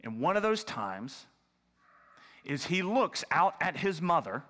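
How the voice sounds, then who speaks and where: A man preaching a sermon as pastor, earnest and conversational, often asking "right?" and at times dropping to a hushed near-whisper. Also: on the high side, sing-song, slow pace. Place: church sanctuary. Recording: church hall reverb.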